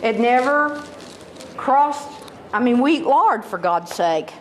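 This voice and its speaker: Animated woman telling stand-up stories. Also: on the high side, takes it slowly, slight background noise, low-quality recording. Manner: animated, exaggerated voices for quotes. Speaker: stand-up comedian. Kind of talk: stand-up comedy storytelling.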